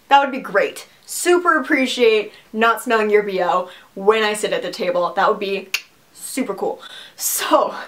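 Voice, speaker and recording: A young woman telling a story to her camera at home, sarcastic and animated, breaking into laughs. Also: sits high. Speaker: vlogger. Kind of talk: casual storytime vlog. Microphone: camera mic.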